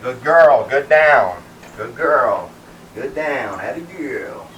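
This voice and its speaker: A man training a dog outdoors in the shade, explaining calmly between sharp sit and heel commands, recorded by a camera at a distance. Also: mid-range voice, extremely slow, slight background noise. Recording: roomy, distant outdoor sound, faint ambience.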